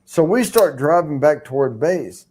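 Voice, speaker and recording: A man on a live stream telling a casual, animated story, swearing freely and acting out the other people's voices. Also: on the high side, a little slow, husky. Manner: animated, profane, acts out voices.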